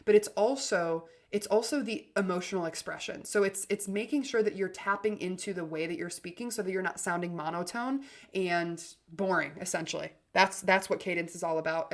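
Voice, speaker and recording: A woman hosts a self-help podcast in a casual, coaching tone. She speaks with emphatic energy and often restarts a phrase. Her loudness rises and falls for effect. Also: fairly low pitch, brisk. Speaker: podcast host.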